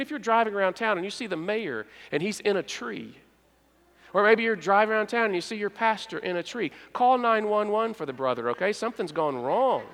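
In a church sanctuary with long hall reverb, a pastor delivers a storytelling sermon in a voice noticeably high for a man. He acts out the characters' lines and drops to a hush at key moments.

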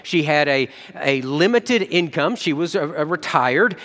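A man's voice: fairly high pitch, lively intonation, measured pace, fairly bright tone. A man preaching a sermon as pastor, telling stories earnestly with frequent restarts. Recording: long hall reverb.

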